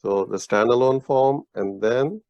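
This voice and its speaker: Slow and patient, a medium-pitched man teaches a casual one-on-one Urdu lesson, explaining with frequent restarts and praise. The audio is dry, dull and lo-fi.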